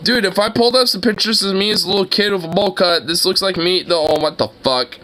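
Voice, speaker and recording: A young man reacting to videos, excitable and exclamatory, laughing and swearing often. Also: high voice, a little fast.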